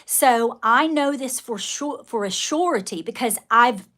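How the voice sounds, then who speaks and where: A woman's voice: on the high side, lively intonation, a little slow, a bit bright. A middle-aged woman giving candid, emphatic advice on a live stream, calling viewers darling. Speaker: live-stream life coach answering viewers.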